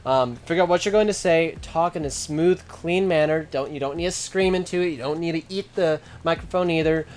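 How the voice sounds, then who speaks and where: A young man hosting a casual instructional chat, explaining steadily with plain, everyday talk. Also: fairly high pitch. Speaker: host.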